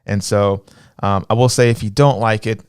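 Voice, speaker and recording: A man with a light Texan accent co-hosting a casual livestream chat, joking and telling animated stories. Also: on the low side, moderate pace, clean tone, no room sound, studio quality. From Texas. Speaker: livestream co-host.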